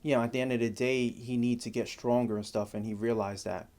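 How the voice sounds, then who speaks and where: A man co-hosting a casual anime review podcast, animated and full of fillers and repeats. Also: mid-range voice, fairly quick. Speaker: podcast co-host.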